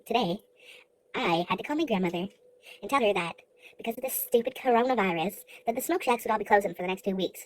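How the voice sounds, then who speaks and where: A young woman vlogger telling a funny story, exasperated and swearing freely in rapid rants. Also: medium pitch, low-quality recording. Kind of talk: comic storytelling.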